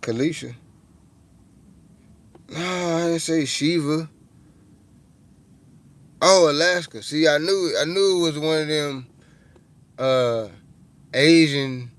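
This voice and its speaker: A man's voice: a little high, slow, pauses often. A middle-aged man, chatting casually and profanely with viewers on a livestream, rambling from one thought to the next. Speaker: livestream host.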